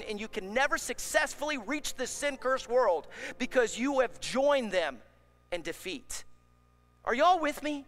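A man preaching a sermon as pastor, impassioned, building up to shouts. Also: very high-pitched, animated, unhurried.

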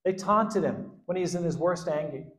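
A man preaching a sermon as pastor, animated, swinging between loud outbursts and quiet asides and acting out the quotes. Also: high voice, normal speed, roomy sound. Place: church hall.

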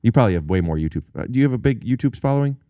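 A man's voice: medium pitch, lively intonation, racing, warm tone, no room sound, clean studio sound. A man hosting a podcast, teasing his guest with pushy, joking questions in casual chat. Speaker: podcast host.

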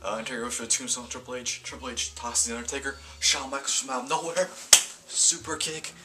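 A man's voice: mid-range voice, little pitch movement, fast, bright, forceful tone. A man casually reviewing a wrestling event in a video, rambling and often correcting himself mid-sentence. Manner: rambling, stumbling, self-correcting.

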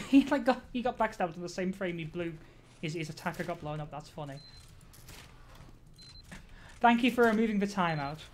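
A woman live-streaming a game, chatting casually with her viewers, reacting out loud, swearing and laughing often. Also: lowish voice, animated, moderate pace, pauses often, a little hiss or hum. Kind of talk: casual gaming commentary.

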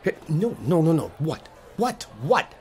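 A man's voice: fairly high pitch, sing-song, unhurried, a little mellow, a little hiss or hum. A man voicing a protective boyfriend in a role-play audio, often swearing. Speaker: ASMR audio performer playing a protective boyfriend.

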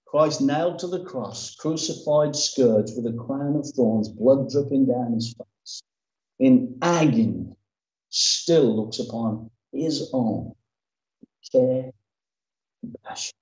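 A man's voice: mid-range voice, slow pace, darkish tone, reverberant, muffled recording. A man preaching a sermon as pastor, emphatic and dramatic in his delivery. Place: church.

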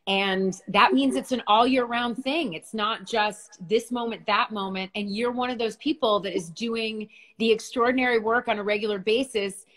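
A woman's voice: a little high, steady tone, moderate pace, hardly any pauses, fairly bright tone. A middle-aged woman hosting a casual livestream chat from her phone, bubbly and chatty, laughing often. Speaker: livestream host.

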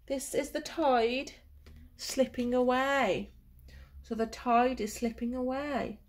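A woman reads a picture book aloud to young children, her voice high and her pace slow and unhurried. She speaks in a gentle, sing-song way, pausing to ask questions and sometimes dropping to a whisper. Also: fairly even intonation. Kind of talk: children's storybook reading with questions to the listener.

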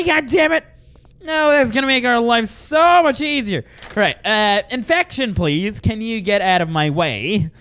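High-voiced, excitable young gamer man. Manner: excitable and profane, says "all right" constantly. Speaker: gamer playing a horror game. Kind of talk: casual let's-play commentary.

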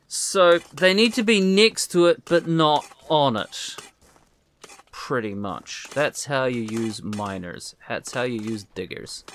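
A man hosts a let's play, talking to himself as he plays and poking fun at his own mistakes. His pitch jumps around a lot, set at an average level for a man. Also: a bit bright. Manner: rambling, self-deprecating, talks to himself. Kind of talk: casual gameplay commentary.

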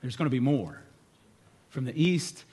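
A man preaching a sermon in church, conversational and candid, his voice dropping low and quiet on key words. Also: animated, measured pace, husky. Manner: candid asides with fillers. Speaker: pastor.

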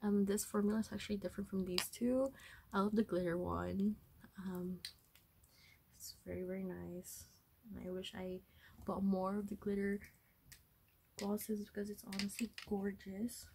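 Chatty woman, flat voice. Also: medium pitch, moderate pace, gravelly, long pauses. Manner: chatty, rambling, self-correcting. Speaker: vlogger. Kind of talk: casual haul vlog chat. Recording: background noise.

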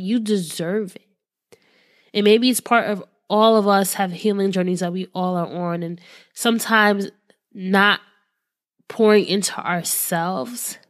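A woman hosting a motivational podcast, talking in an earnest, encouraging and conversational way, with frequent fillers like "right" and "like". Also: medium pitch. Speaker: podcast host.

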